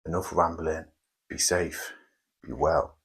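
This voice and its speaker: A man hosting a motivational self-help video, speaking slowly and emphatically with dramatic pauses and tongue-in-cheek grandeur. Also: extremely low pitch, a bit bright, slightly rough, rough recording. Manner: slow, deliberate, emphatic delivery with dramatic pauses. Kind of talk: motivational monologue.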